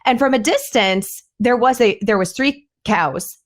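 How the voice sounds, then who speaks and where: Animated woman telling a farm story. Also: unhurried. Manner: animated, acts out quoted voices with rising pitch. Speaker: podcast host. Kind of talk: casual conversational storytelling.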